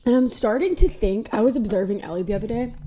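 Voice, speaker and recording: A woman's voice: on the high side, fast, dark tone, slight background noise. A young woman hosting a casual solo podcast, rambling candidly between topics with self-deprecating jokes. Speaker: podcast host.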